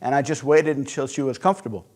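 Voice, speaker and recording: A man teaching sales psychology through a conversational, animated personal story. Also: medium pitch, quick pace. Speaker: sales instructor. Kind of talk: storytelling lesson.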